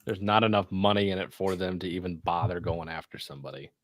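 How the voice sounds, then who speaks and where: Low-voiced terse male co-host. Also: flat delivery, fast talker, dry recording. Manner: terse crude interjections. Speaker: podcast co-host. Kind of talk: casual comic chat.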